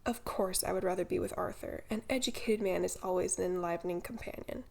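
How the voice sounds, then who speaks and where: A woman voicing a witty young woman with a dry, mocking way of talking, in a gravelly voice. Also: fairly low pitch, brisk, darkish tone. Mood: teasing.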